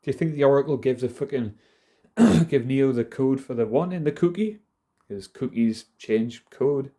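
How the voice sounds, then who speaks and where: A man's voice: medium pitch, dark tone. Rambling sweary Geordie man. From North East England. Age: 30s. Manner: rambling, heavy swearing, self-deprecating. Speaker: vlogger. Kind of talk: casual rambling monologue.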